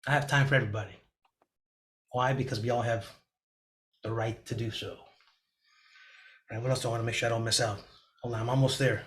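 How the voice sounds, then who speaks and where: A middle-aged man gives an energetic, motivational real estate lesson over a video call. His voice sits in a middle pitch, and he jumps into a raised, anxious tone when he acts out panicked clients before settling back down. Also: fast talker, pauses often, slight background noise. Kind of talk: motivational class talk.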